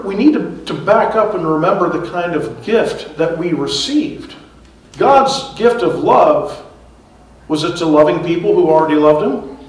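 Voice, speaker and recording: A man giving a conversational sermon as pastor, chuckling at his own asides. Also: on the high side. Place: church sanctuary. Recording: echoey church hall, mic far off.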